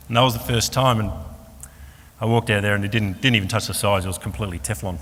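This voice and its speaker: An Australian man giving a personal faith testimony at a fellowship meeting, an animated storyteller who acts out the voices of the people in his story. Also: fairly low pitch, fast talker. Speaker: speaker at a Christian fellowship meeting. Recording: long hall reverb, faint room noise.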